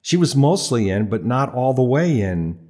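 A man's voice: mid-range voice, big pitch swings, normal speed, a little mellow. A man narrating a comic story in a wry, dryly humorous manner. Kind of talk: audiobook narration.

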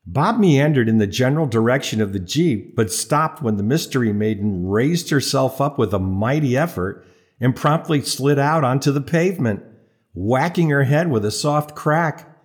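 A man's voice: medium pitch, lively intonation, normal speed. Wry male audiobook narrator. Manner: wry, playful storytelling. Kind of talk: scripted narration.

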